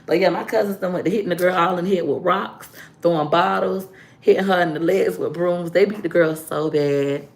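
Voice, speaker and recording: A woman tells a story in her vlog. Her voice sits on the low side, and she acts out what people said with a lot of energy and humor. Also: a little fast, slight background noise. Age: adult. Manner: animated storyteller, acting out quotes. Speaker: vlogger.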